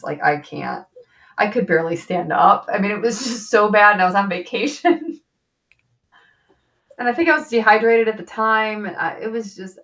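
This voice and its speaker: A talkative woman hosting a relaxed live-stream chat, laughing easily and filling her sentences with "like". Her voice sits a little low. The mic is set back from her, so she sounds somewhat distant. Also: vocal fry. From western New York. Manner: chatty, laughs often, many fillers. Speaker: physician host.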